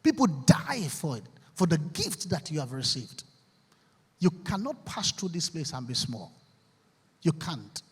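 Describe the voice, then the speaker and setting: A man's voice: fairly high pitch, very animated, unhurried, pauses often, breathy edge. A man giving a rousing, preacherly motivational speech to a university audience. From Nigeria. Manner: preacherly, leads call-and-response affirmations. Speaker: motivational speaker. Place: large university auditorium. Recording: echoey hall with long reverb.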